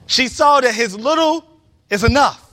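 A man's voice: very high-pitched, normal speed. A man preaching a sermon in a church, telling stories with acted-out voices and building to emphatic peaks. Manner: animated storytelling, acts out voices, rising to emphatic peaks.

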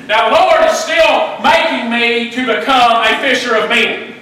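A middle-aged man, preaching a fervent sermon that climbs into shouting, often repeating words as he restarts. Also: very high voice, fairly even intonation, moderate pace. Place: church. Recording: echoey room from a distance, faint noise.

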